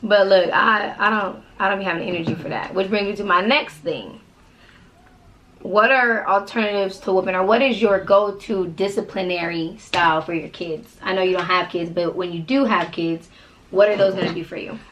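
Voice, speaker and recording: A woman co-hosting a casual chat show, a mother telling lively stories about parenting and calling herself a yeller. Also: medium pitch, normal speed, muffled recording, a little hiss or hum. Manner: animated storytelling, self-described yeller. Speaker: podcast co-host and mother.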